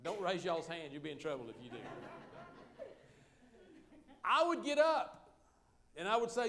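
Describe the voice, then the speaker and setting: A man's voice: high-pitched, big pitch swings, normal speed, pauses often, fairly bright tone. A middle-aged man preaching a sermon as pastor, folksy and joking with the congregation.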